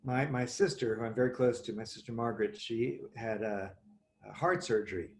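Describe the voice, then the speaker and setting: A man telling a story as a guest over a video call, wry and theatrical, with lively asides. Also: medium pitch, a little fast, slight background noise. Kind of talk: anecdotal storytelling.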